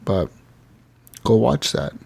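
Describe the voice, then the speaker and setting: A man's voice: on the low side, sing-song, slow, gravelly, darkish tone, husky. A man hosting a gaming podcast, chatting casually, rambling with frequent laughs and swearing. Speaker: podcast host.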